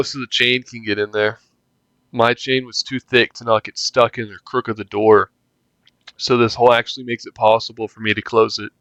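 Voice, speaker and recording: A man's voice: fairly low pitch, a bit bright, smooth, no room sound. A young man reading a story game aloud and reacting casually, joking and swearing between lines. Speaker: gaming youtuber.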